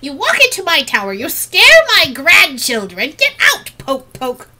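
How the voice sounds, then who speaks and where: A woman voicing a tiny cranky old woman who croaks and scolds an intruder in her tower. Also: wildly swooping pitch, moderate pace, bright, forceful tone, heavily acted. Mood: indignant. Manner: shrill scolding and poking.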